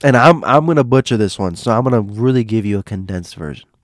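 A man's voice: lowish voice, expressive, quick pace, dry recording, studio quality. A man telling stories in a loose, casual way, often repeating himself and restarting phrases. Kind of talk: casual spoken storytelling.

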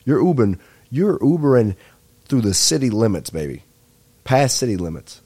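A man, rambling excitedly and swearing through a comedic podcast monologue as host. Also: medium pitch, moderate pace. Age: 20s.

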